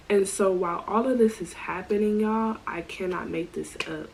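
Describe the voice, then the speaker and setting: A woman telling a storytime vlog in a casual, animated way, full of slang and asides. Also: mid-range voice, moderate pace, creaky, few pauses, slight background noise, rough recording. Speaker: storytime vlogger.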